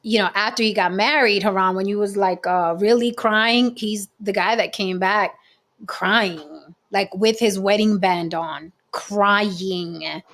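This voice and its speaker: A woman's voice: medium pitch, slow pace, fairly bright tone. A woman in her forties telling a candid, profane story from her past in a casual group chat. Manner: blunt and profane, laughing as she tells it.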